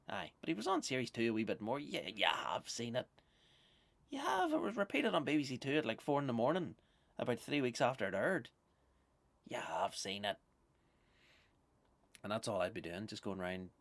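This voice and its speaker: A man's voice: medium pitch, no echo. A Northern Irish man, a comedian, ranting through a sweary, exasperated, rambling monologue. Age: adult with young children.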